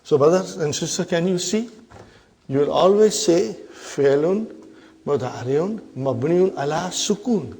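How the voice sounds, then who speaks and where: A man teaching an Arabic grammar lesson, slowly repeating terms and asking his listeners if they follow. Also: on the high side, expressive, warm tone, breathy edge, big-room sound. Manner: slow, repetitive, addresses "brothers and sisters", checks understanding with "huh?". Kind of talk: explanatory lesson.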